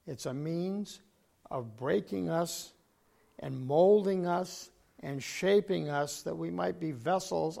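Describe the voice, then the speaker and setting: An older man delivers a sermon in a gravelly, slightly high voice. He clears his throat often and leans hard into key words. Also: warm tone. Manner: frequent throat clearing, emphatic bursts. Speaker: preacher.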